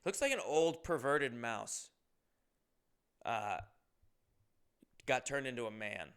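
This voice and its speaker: A man's voice: medium pitch, expressive, slow pace, fairly bright tone, smooth. A young man hosting a comedy podcast, telling stories casually, rambling and profane, and often interrupting himself.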